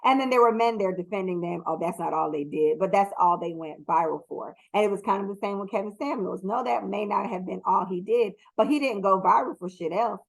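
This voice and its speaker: On a low-quality recording, a young adult podcast host rambles through casual solo commentary, blunt and profane with lots of ums. Her medium-pitched voice is creaky and fairly quick, with hardly any pauses.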